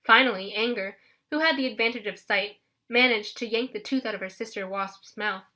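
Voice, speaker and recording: A woman narrating an audiobook in a lively first-person storytelling manner. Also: medium pitch, brisk.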